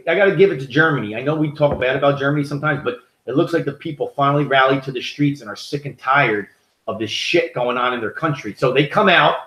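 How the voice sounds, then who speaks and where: Recorded in an echoey room, this American podcast co-host has a mid-range voice with a fairly bright tone. He rambles through stories heatedly and profanely, in an opinionated, casual conversation.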